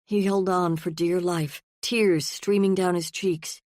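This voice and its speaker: A woman narrating an audiobook in a steady, even storytelling manner. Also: lowish voice, slow, dry recording, studio quality. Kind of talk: scripted narration.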